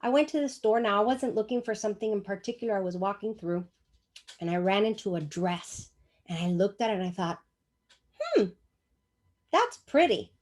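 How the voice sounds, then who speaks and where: A woman's voice: mid-range voice, fairly quick. An older woman giving a personal testimony in church, telling her story emphatically and acting out the dialogue. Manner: animated, acts out dialogue, emphatic.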